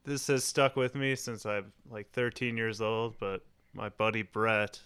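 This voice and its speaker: A man's voice: lowish voice, little pitch movement, unhurried, a bit bright, clean tone, dry recording. Man laughing through a podcast story. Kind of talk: casual podcast chat.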